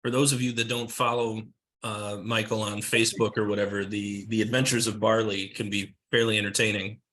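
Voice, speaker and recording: Flat, low-voiced man making brief remarks. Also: fairly quick. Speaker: brewing club member. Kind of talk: casual group chat.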